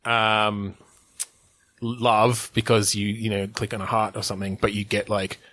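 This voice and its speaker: A man's voice: on the low side, little pitch movement, unhurried, a bit bright, dry recording. A man co-hosting a podcast in casual chat, rambling with many fillers and restarts and laughing often. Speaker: podcast co-host.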